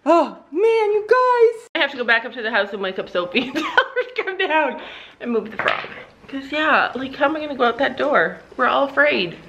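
A middle-aged woman vlogs from inside her farm barn, chatting away to her viewers in an easy, rambling manner. Her voice sits a little high, and she breaks into laughter often. A faint background hum from the barn stays under her words. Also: lively intonation, brisk, sharp tone. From Canada. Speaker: vlogger, mother running a family farm channel. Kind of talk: casual vlog chat.

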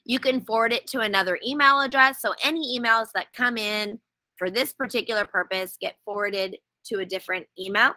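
A woman's voice: on the high side, a little fast, bright, forceful tone, no echo, low-quality recording. A woman running a casual webinar, explaining step by step in a chatty, wry way while sitting outdoors.

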